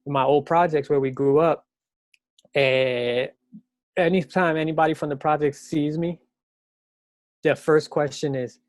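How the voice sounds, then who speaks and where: Middle-aged man from New York, podcast guest, casual slangy storytelling, slightly high voice, dry close sound. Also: fairly even intonation, measured pace, long pauses, darkish tone, no room sound. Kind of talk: casual chat.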